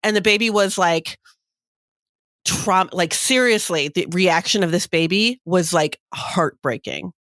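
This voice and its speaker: A woman's voice: fairly low pitch, unhurried, no echo, studio quality. A woman co-hosting a podcast, telling stories in casual chat with lots of fillers. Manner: animated storytelling with many fillers. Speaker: podcast co-host.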